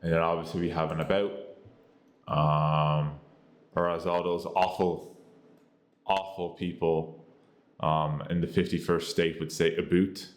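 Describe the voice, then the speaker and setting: Speaking a little slowly with a flat delivery and long pauses, an American tech reviewer rambles through a casual app review. His talk is thick with fillers and recurring catchphrases, especially "boom" and "you get the idea."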